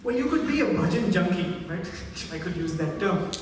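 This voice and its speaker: A man giving a devotional talk, telling stories in an animated, reverent way, recorded in a large hall from far off. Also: high-pitched, normal speed, background noise. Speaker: spiritual speaker. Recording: echoey hall heard from far off.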